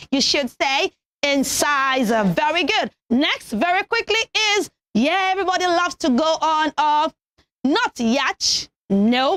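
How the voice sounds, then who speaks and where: A young woman presenting a children's TV pronunciation lesson, enunciating slowly and deliberately and cheering the kids on. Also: very high voice, fairly bright tone, dry recording. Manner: slow, deliberate teacherly enunciation, encouraging.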